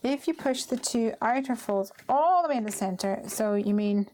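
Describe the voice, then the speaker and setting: A woman's voice: a little high, animated, moderate pace, a little mellow, slight background noise. A woman hosting a live craft stream, chatting casually and talking herself through each step as she works. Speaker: crafting host.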